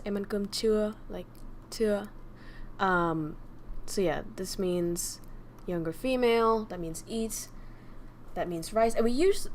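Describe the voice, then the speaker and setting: A young woman talks slowly and loosely into a desk mic, teaching her language to a livestream chat. She drops casual swears and teases her viewers as she goes. A faint hum sits behind her voice. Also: medium pitch. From Vietnam.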